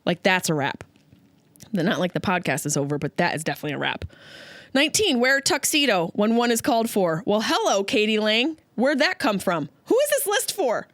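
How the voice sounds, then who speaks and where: A woman from Upstate New York hosting a solo comedy podcast, riffing with sarcastic, animated asides. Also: mid-range voice, brisk, no echo. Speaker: podcast host.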